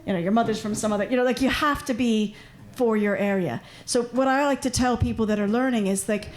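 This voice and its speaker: A woman's voice: on the high side, a little fast. Chatty American woman on a panel. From United States, Washington D.C. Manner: chatty, animated, many asides. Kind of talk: panel discussion.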